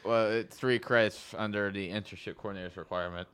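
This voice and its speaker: Young man, crisp bright voice, laid-back, short replies, studio mic. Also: lowish voice, fairly even intonation, quick pace. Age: young adult. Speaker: college radio co-host. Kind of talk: casual college radio chat.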